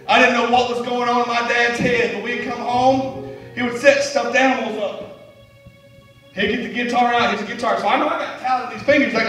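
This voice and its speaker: A male evangelist preaching fervently, swinging from shouted praise to quiet storytelling with laughing asides. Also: very high voice. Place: church sanctuary. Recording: echoey church hall, mic at a distance.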